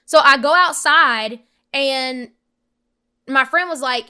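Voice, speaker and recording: Bright-voiced young woman telling a story. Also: sits high, slow. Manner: animated, emphatic, acts out quoted voices. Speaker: podcast guest. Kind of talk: emotional personal storytelling.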